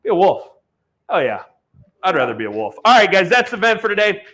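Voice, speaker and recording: A man's voice: high-pitched, very animated, fast talker, bright, forceful tone. A man hosting an online auction stream, talking in a blunt, heated, salesy way. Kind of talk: live-stream product pitch with ranting.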